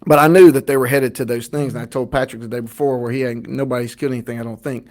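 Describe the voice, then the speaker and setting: A man's voice: mid-range voice, fast. A man, a podcast co-host telling a long, rambling hunting story in casual chat. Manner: animated, rambling storyteller with fillers.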